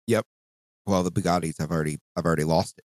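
A man co-hosting a podcast in casual chat, animated and profane, often jumping into mock voices. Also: quick pace, no echo. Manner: animated, swearing, mimics voices with big pitch jumps. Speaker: podcast co-host.

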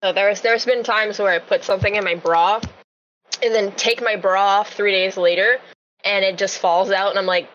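A woman's voice: medium pitch, steady tone, moderate pace, fairly bright tone, dull audio, slight background noise. A woman chatting bluntly in casual podcast banter, with plenty of swearing.

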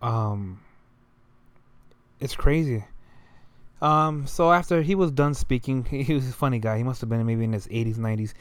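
A man's voice: mid-range voice, moderate pace, long pauses, smooth, dry recording. A young man telling a story in a loose, rambling way, full of slang and fillers. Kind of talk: casual storytelling monologue.

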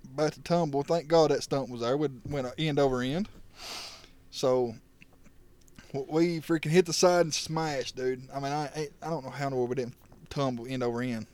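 This podcast co-host is a young man with a mid-range, darkish voice, fairly even intonation, and a moderate pace. In a laid-back storytelling chat, he rowdily recounts wild stories, laughing and acting out what people told him.

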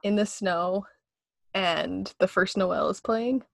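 A young woman hosts a casual film podcast, talking with gushing enthusiasm and frequent laughter, her speech full of fillers. Her voice sits at an ordinary middle pitch. The sound is dry and close, with no room echo. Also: slow pace, vocal fry, fairly bright tone. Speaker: podcast host.

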